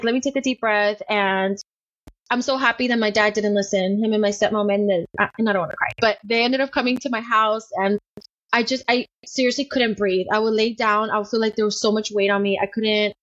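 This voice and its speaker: A woman's voice: mid-range voice, fairly even intonation, fairly quick, fairly bright tone. A young woman guest talking openly in a podcast interview, chatty with lots of restarts and fillers. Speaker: podcast guest, business owner. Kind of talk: candid interview storytelling. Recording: dull lo-fi sound.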